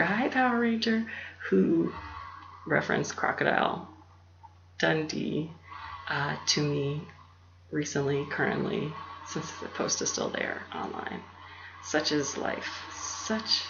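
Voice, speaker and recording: A woman hosting her own channel, rambling in a soft, half-whispered, meandering way and laughing often, recorded on a laptop. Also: low voice, gravelly. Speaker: YouTube channel host. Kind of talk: rambling casual monologue. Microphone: laptop mic. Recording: roomy, dull lo-fi with faint hum.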